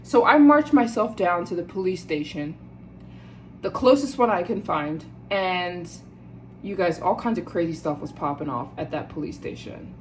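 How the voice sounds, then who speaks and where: An American woman vlogging to her viewers, telling a story in a lively, indignant way and often calling out to "you guys.". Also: on the low side, moderate pace, a little hiss or hum, low-quality recording. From United States. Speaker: travel vlogger. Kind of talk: casual storytelling to camera.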